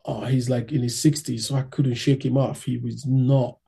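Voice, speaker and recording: A man with a very dark, gravelly voice tells a story in an interview, casual and animated. His tone is husky and a little rough, and he slips into the voices of the people he describes. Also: medium pitch, moderate pace. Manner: animated, acts out voices in anecdotes.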